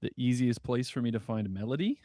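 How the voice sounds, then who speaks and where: A man chatting casually over an online voice call as a musician giving feedback, talking in a halting way with many fillers. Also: medium pitch, warm tone, no echo, clean studio sound. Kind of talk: casual chat.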